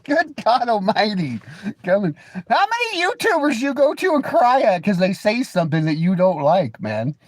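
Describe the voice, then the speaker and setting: A man's voice: sits high, big pitch swings, moderate pace, dry recording. A man with an American accent hosting a livestream, teasing and crude in casual banter. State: coughing. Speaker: livestream host.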